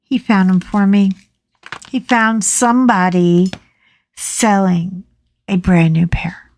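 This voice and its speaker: A woman chatting casually as she colors, telling a story with animated, exasperated swings in her voice. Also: mid-range voice, slow pace, dry recording. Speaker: coloring vlogger. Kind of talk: casual chat while coloring.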